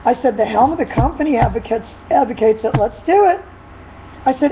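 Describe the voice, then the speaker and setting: A woman dog trainer chatting casually in a vlog, retelling a dispute in an animated, rambling way with frequent laughs. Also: on the high side, fairly quick. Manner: animated storytelling, laughs often. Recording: dull lo-fi with faint noise.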